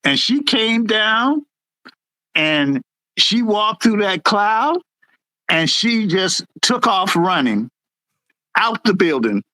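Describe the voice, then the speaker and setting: A middle-aged military veteran, a former Air Force supervisor appearing as a guest, tells stories in a casual, animated way, his voice jumping high whenever he acts out what someone said. He takes it slowly and pauses often, and the recording is dry and low in quality.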